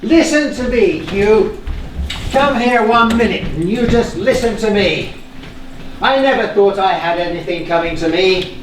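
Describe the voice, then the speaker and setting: An actor playing a middle-aged estranged father on a live stage, defensive and stern with halting restarts. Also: high voice, expressive, slight background noise. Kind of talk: live stage play acting. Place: theater stage. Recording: echoey stage from far off, faint ambience.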